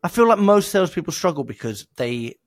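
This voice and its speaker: A man's voice: high voice, very animated, fairly quick, no room sound, studio quality. A man co-hosting a podcast, talking casually, laughing often and acting out quoted voices. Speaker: podcast co-host. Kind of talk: casual sales podcast chat.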